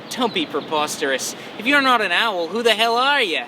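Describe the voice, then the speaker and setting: A young man playing a bumbling, deadpan nature show host. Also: high-pitched, normal speed. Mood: scornful. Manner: mock-serious, rambling, deadpan. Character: bumbling overconfident male nature documentary host. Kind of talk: comedy sketch, mock documentary. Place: outdoors on a campus. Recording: noisy outdoor recording with traffic.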